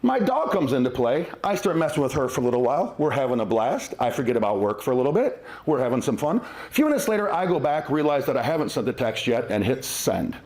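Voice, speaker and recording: Animated male comedian in roomy venue. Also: medium pitch, fast, hardly any pauses, crowd noise. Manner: conversational, self-mocking, acts out silly voices. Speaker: stand-up comedian. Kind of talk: stand-up comedy set. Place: winery venue with live audience. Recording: roomy live venue with audience laughter.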